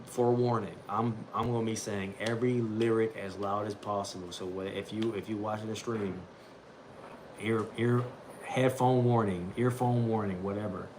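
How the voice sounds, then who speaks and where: A man's voice: on the low side, steady tone, normal speed, background noise. A young man hosting a casual livestream, rambling and repeating himself, often saying bro as he talks about a daily Bible reading.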